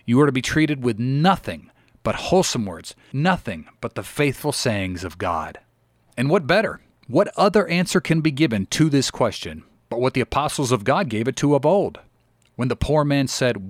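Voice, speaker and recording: A man's voice: medium pitch, big pitch swings, no echo, studio quality. Man reading an earnest old-style sermon. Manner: earnest, measured preaching cadence with pleading exclamations. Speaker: reader of historical sermons.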